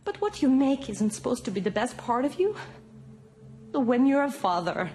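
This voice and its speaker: A blunt Polish-Armenian executive. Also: female voice, sits high, sing-song, moderate pace, darkish tone. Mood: insistent. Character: blunt no-nonsense woman marketing executive.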